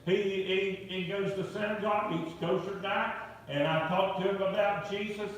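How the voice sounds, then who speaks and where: A man with a high voice tells stories at a moderate pace during a revival sermon, vividly performing the quoted voices of his characters. It's recorded in a large, echoey church sanctuary, where he sounds distant and faint background noise can be heard.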